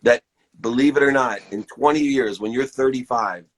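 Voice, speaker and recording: A man's voice: medium pitch, normal speed. A man in his fifties giving an enthusiastic, preachy pep talk to viewers on a live stream, hosting it from his phone. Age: 50s.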